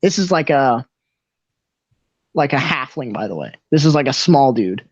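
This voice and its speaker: A man's voice: medium pitch, very animated, moderate pace, breathy edge, no echo. A young man narrating as game master in a loose, casual way with many fillers. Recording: dry, dull lo-fi mic.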